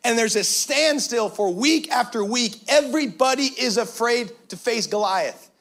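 A male pastor giving an energetic sermon in casual slang, bursting into shouts at times. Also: very high-pitched, unhurried.

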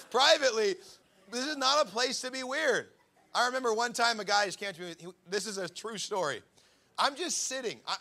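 High bright-voiced man preaching. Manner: storytelling, animated, acts out quotes. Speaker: pastor. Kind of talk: sermon.

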